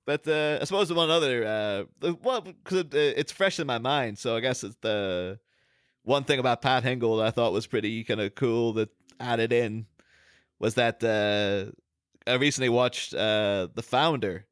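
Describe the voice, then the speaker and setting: A man's voice: mid-range voice, moderate pace, fairly bright tone, clear, resonant tone, dry recording, clean studio sound. A man co-hosting a podcast, rambling with lots of fillers and restarts, laughing as he goes. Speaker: podcast co-host. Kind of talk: casual chat.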